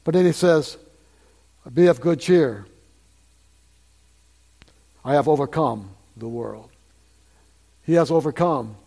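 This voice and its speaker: A man's voice: a little high, takes it slowly, creaky, long pauses, dark tone. An older man preaching a sermon to a congregation in a conversational way, repeating phrases and asking the listeners questions.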